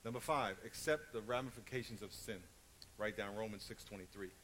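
A man's voice: lowish voice, brisk, a bit bright, slight background noise. A man preaching a sermon, telling stories and hammering points through emphatic repetition. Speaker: pastor.

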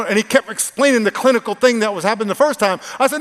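A male pastor preaching a sermon, swinging from loud exclamations to hushed, earnest asides. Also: high-pitched, expressive, racing. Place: large church hall. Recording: live sermon with hall reverb and faint music.

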